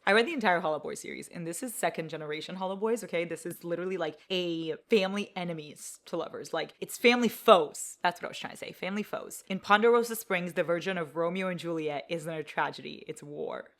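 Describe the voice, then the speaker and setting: A woman book vlogger chatting casually, rambling along with excited gasps and the odd curse word. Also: fairly low pitch. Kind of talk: casual vlog chat.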